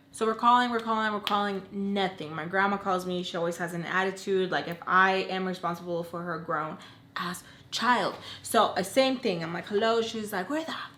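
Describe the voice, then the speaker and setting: A young woman vlogger telling a long story in casual chat, animated and full of "like", acting out angry phone calls. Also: mid-range voice, normal speed. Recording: echoey room, faint noise.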